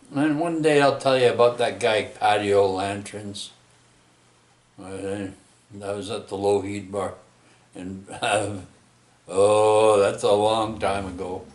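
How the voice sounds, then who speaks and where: Rambling man, low voice. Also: steady tone, reverberant. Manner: rambling, halting, many restarts and tag questions. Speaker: vlogger telling a personal story. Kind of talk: rambling storytelling monologue.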